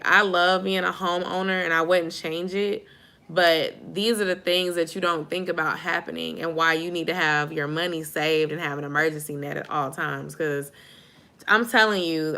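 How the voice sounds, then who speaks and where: Young adult woman vlogger, bright lower voice, sleepy chatty live-stream host. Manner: chatty, informal, addresses viewers as y'all. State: sleepy, yawning. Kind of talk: casual live-stream chat.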